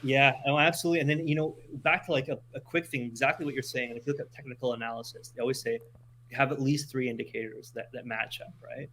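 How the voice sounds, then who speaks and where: A Montreal man with a mid-range voice talks quickly over faint background noise. He's chatting casually on a podcast, telling animated stories full of restarts and repeated words.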